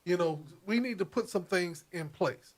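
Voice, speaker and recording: A man with a fairly high voice co-hosts a political talk show. He speaks emphatically and hammers his points home through repetition, rising in intensity like a preacher. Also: normal speed. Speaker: co-host.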